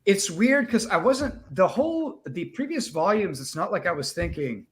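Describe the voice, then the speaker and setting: Animated, enthusiastic man talking comics. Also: high voice. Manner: enthusiastic, lively, quick acted quotes. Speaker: podcast co-host. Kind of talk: casual chat.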